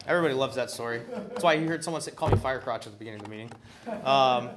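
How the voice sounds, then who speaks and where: A man's voice: medium pitch, rapid-fire, noisy background. A man telling his story at a recovery meeting in a loose, profane way, full of ums and you-knows. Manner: loose and profane, heavy with fillers. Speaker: member sharing at a recovery meeting. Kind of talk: casual personal share.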